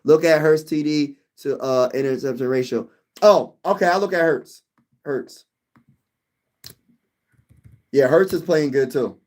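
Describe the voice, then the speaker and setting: A young man hosting a casual sports livestream, chatting with viewers in hyped, animated fan banter. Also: fairly high pitch, a little slow, pauses often. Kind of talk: casual livestream chat reading comments.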